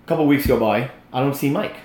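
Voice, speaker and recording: A man's voice: medium pitch, brisk, darkish tone, echoey room. A man telling a faith story in casual talk, blunt and emphatic, acting out the quotes. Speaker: podcast guest telling a testimony.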